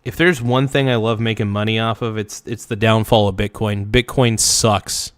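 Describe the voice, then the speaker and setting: A man's voice: on the low side, fairly even intonation, normal speed, no echo. A man hosting his own livestream, casually reading viewer comments and chatting about trading, calling people dude. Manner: laid-back, calls people dude and man, reads out chat. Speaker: streamer host reacting to a livestream.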